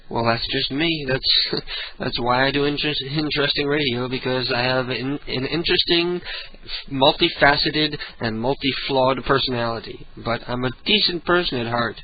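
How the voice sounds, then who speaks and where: A man's voice: mid-range voice, normal speed. A man hosting an internet radio show, rambling and self-mocking with frequent chuckles. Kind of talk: casual radio chat. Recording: muffled lo-fi with faint hiss.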